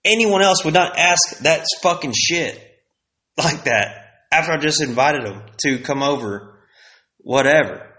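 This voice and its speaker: A man's voice: on the high side, animated, a little slow, bright, forceful tone. A man hosting a solo podcast, venting bluntly in a casual, profanity-heavy rant that circles back on itself. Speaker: podcast host.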